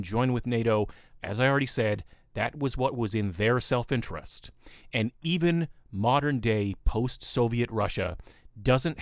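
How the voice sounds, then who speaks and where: A man's voice: medium pitch, dry recording, clean studio sound. A man hosting a solo commentary podcast, arguing his points with sarcasm and reading quotes aloud. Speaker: podcast host.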